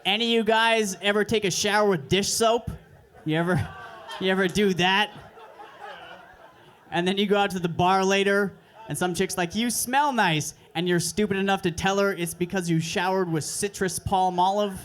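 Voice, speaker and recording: A young man with a fairly high voice works through a stand-up set at an open mic. His delivery is crude, deadpan and self-mocking, and he speaks into a handheld stage mic. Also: normal speed. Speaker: stand-up comedian. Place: comedy club stage.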